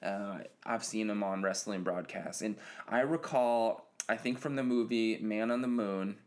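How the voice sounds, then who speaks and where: A man's voice: fairly low pitch, a little slow. A man hosting a solo podcast, talking casually and rambling with many fillers and restarts. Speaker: podcast host.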